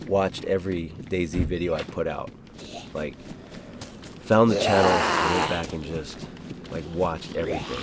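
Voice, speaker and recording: A man hosting a gaming channel, chatting casually over gameplay in a rambling, easygoing way with chuckles. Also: sits low. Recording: clearly audible game noise behind voice.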